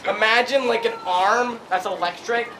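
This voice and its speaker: A young man rambling through an improvised comedic story, giggling and breaking into loud put-on quotes. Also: high-pitched, normal speed. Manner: giggly, rambling, full of fillers, voices shouted quotes. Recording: clear background noise.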